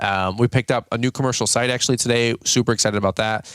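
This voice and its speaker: A man in his thirties hosts a relaxed podcast, rambling through stories with frequent laughter. His voice sits at an ordinary pitch and is recorded close and dry, with no room sound. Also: fast talker, few pauses, clean tone, no room sound. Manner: joking, rambling, laughs often. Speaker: podcast host. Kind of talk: casual chat.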